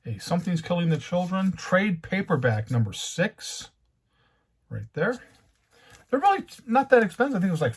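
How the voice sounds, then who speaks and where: A man hosting his own comic book channel, talking casually and rambling, growing heated as he rants. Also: fairly high pitch. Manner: conversational, rambling, heated when ranting. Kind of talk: casual monologue.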